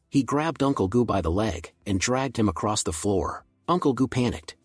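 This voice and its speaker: Guy narrating a comic recap, even reading, dry close sound, soft music under. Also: fairly low pitch, moderate pace, hardly any pauses, slightly rough, no room sound.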